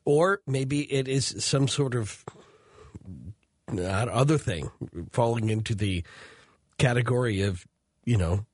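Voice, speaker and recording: A man hosting a call-in radio show, summing up a caller's story and moving to the next caller in a measured way. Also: mid-range voice, slightly rough, no echo, clean studio sound. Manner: measured, takes calls and sums up stories.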